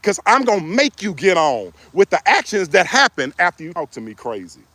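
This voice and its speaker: A man's voice: high-pitched, sing-song, a little fast, pushed and bright, no room sound. A middle-aged man giving relationship advice in a joking, preachy way. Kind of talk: casual advice monologue.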